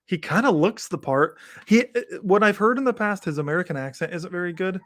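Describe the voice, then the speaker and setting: A man co-hosting a casual podcast, talking eagerly in quick bursts with frequent restarts. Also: high voice, a bit bright, no room sound, clean studio sound. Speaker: podcast co-host.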